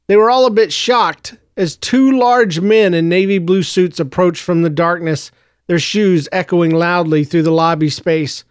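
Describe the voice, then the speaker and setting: A man narrating a story in a steady, even reading. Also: high-pitched, measured pace, smooth, no echo, studio quality. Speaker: audiobook narrator.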